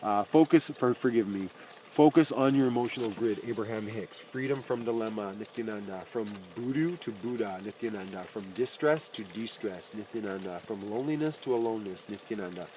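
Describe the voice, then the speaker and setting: A man's voice: lowish voice, brisk, darkish tone, a little hiss or hum, low-quality recording. A man reading aloud a long list of self-help titles and their authors, with dry, wry asides and his voice dropping on each name.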